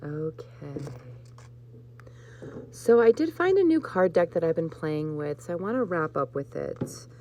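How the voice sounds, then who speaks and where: A woman hosting a live spiritual card reading, talking gently to her viewers and getting emotional at times. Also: deep voice, sing-song, unhurried, a little hiss or hum. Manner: warm, emotional, choked up with laughter at times. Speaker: host.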